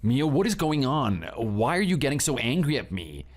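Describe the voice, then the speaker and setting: A man's voice: mid-range voice, big pitch swings, normal speed, faint music behind. A man playing a cold, defensive husband. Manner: curt, defensive and withdrawn. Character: grieving, cold husband Theo. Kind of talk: scripted drama voice acting.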